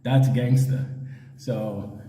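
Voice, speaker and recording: A man's voice: medium pitch, extremely slow. A middle-aged man telling a story casually, swearing heavily and laughing often. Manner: animated, laughing, heavy swearing. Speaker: show host. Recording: roomy echo with long reverb.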